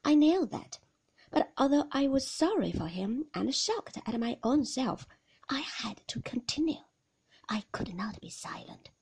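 A woman narrating a novel in a soft, hushed, whispered storybook reading. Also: high voice, expressive, unhurried, husky. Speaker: audiobook narrator.

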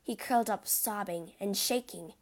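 A woman's voice: medium pitch, normal speed. A woman reading a classic adventure story aloud as narrator, with a dramatic delivery.

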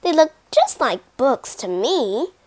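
A woman's voice: sits high, slow, heavily acted. A woman voicing a young, curious boy king in a storybook reading. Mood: puzzled. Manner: excited, wide-eyed questions.

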